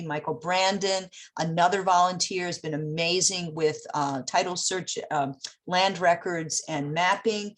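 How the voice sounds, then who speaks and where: A woman giving a virtual presentation, speaking with frequent ums and pauses. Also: lowish voice. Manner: halting, many fillers. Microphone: video call.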